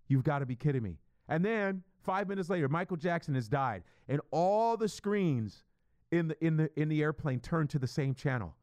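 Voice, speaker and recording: A middle-aged man hosting a solo podcast, rambling profanely in an animated, stream-of-consciousness monologue. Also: fairly high pitch, no room sound. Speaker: podcast host.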